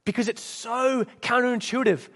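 A man delivers a sermon in an earnest, storytelling manner and sometimes restarts his phrases. His voice is high for a man. The sound has a long reverb, as in a church hall. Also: fairly even intonation, normal speed, fairly bright tone. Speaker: preacher.

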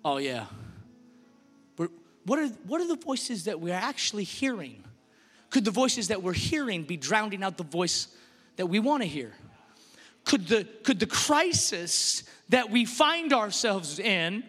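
A middle-aged male pastor preaching a sermon in a church, swinging from shouting to hushed tones with passion. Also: sits high, very animated, normal speed. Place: church sanctuary. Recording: reverberant hall.

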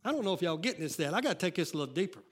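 A man preaching a sermon as lead pastor, calling out to the congregation and shouting rising lines. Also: sits high, sing-song, racing, husky.

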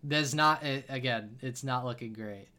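A man's voice: mid-range voice, normal speed, bright, forceful tone. A man narrating a tabletop role-playing game as game master, with frequent uhs and restarts. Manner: many filler uhs, restarts.

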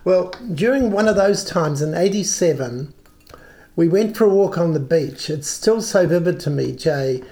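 An older man with a New Zealand accent, a guest telling stories in a relaxed, halting way. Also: on the high side. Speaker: guest, worship songwriter. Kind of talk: reflective storytelling in conversation.

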